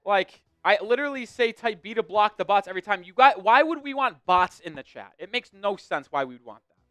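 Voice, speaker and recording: A man's voice: high voice, expressive, a little fast, a bit bright, no echo, faint music behind. A man hosting a solo sports live stream, fired up and ranting as he answers his chat and checks scores.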